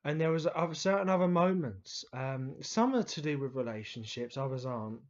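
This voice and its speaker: A man's voice: medium pitch, expressive, fairly quick, dull audio. A man telling childhood stories to camera in a casual, rambling way, with frequent restarts, fillers and the odd swear word. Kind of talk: casual storytelling monologue.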